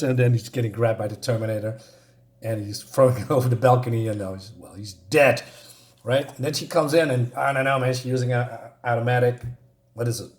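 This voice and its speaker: A man's voice: mid-range voice, fairly even intonation, a little fast. Hesitant man casually reviewing a comic. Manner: hesitant, many fillers and restarts; enthusiastic about the art and pace.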